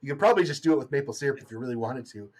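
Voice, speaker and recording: A man's voice: medium pitch, animated, rapid-fire, darkish tone. Giggly hesitant young male host. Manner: giggly, hesitant, lots of ums. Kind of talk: casual chat.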